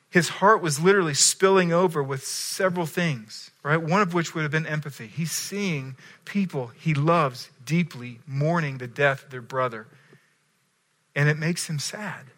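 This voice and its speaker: A man's voice: on the high side, a little slow, fairly bright tone. A man preaching a sermon in a conversational storytelling way, often checking in with his listeners. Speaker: pastor.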